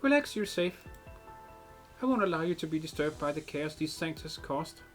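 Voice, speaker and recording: A man voicing a calm, eerie woman priestess from a game, reading her lines in a soothing way. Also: fairly high pitch, normal speed, faint music behind.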